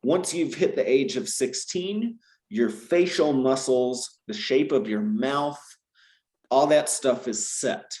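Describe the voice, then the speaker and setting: A man's voice: mid-range voice, takes it slowly, darkish tone, roomy sound. A man from Georgia with no Southern accent, a language teacher casually explaining his teaching approach, with lots of fillers and self-corrections. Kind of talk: casual conversational advice.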